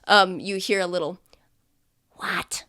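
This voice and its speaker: A woman's voice: mid-range voice, unhurried, fairly bright tone. A woman narrating as game master in a casual way, with lots of fillers.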